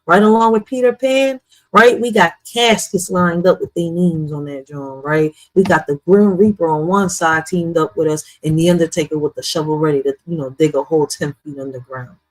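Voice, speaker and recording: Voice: mid-range voice, moderate pace, poor audio. A true crime commentator speaking bluntly and with profanity, addressing viewers directly in casual reaction commentary.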